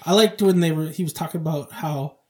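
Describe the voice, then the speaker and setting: A man co-hosting a podcast in casual chat, laid-back and quick to laugh, reviewing a movie. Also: a little high, darkish tone. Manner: laid-back, laughs often, short replies. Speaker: podcast co-host.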